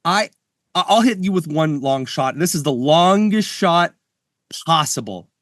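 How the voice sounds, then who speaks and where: A man talks in a relaxed, joking way as a podcast co-host, tripping over his words and restarting as he goes. His voice sits a little high and sounds dry and close to the mic. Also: measured pace, no room sound. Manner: playful, stammering restarts, jokey bets. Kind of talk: casual chat. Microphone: studio mic.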